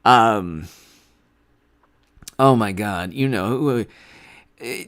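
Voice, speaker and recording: A man's voice: fairly low pitch, big pitch swings, slow, long pauses, fairly bright tone. A man hosting a political commentary livestream, talking in a sarcastic, rambling way.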